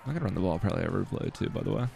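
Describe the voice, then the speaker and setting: A young man, a gaming streamer, casually narrates his own football video game play, talking to himself, swearing, and mocking his mistakes. His deep, gravelly voice is dark in tone and very animated, and he speaks very fast over soft background music.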